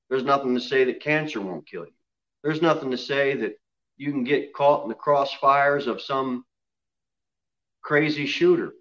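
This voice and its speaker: A man delivering an expository church sermon, swinging from hushed, low solemn lines to loud, raised emphasis. His voice sits at an ordinary middle pitch. The recording sounds a bit dull and lo-fi. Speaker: pastor. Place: church sanctuary.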